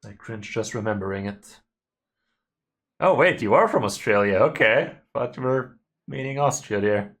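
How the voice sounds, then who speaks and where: A man's voice: mid-range voice, lively intonation, moderate pace, a bit bright. A man streaming a card game, giving casual commentary and chatting loosely with his viewers, with some mild swearing.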